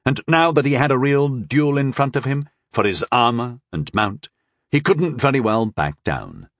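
A male narrator reads a first-person fantasy tale with wry, expressive delivery. His pitch moves lively through each sentence, and the recording is dry and close with no room sound. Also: moderate pace, dry recording. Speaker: audiobook narrator.

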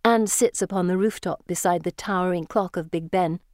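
A woman reading a first-person storybook in a measured, lyrical way. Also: fairly low pitch, darkish tone, no room sound, studio quality. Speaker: audiobook narrator.

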